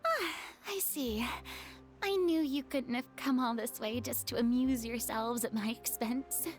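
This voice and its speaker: A woman's voice: fairly high pitch, unhurried, soft background music, natural voice. A woman voicing a proud, theatrical young female former goddess in a video game, speaking in a haughty, dramatic manner. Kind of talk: game dialogue.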